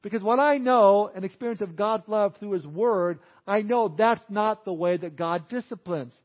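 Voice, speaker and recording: A man preaching a sermon as a pastor, animated, acting out quoted people in exaggerated voices. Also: high-pitched, normal speed, highs cut off.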